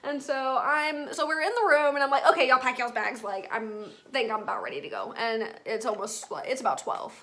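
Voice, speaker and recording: A woman's voice: on the high side, a little fast, few pauses, a bit bright. A young woman, chatting to her viewers as she tells a personal story in a casual vlog. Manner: chatty, addresses viewers as y'all. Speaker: vlogger.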